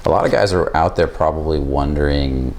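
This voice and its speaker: A man's voice: very deep voice, fairly quick, creaky, a little mellow. A man hosting a casual interview, talking in a rambling way with restarts. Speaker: podcast host.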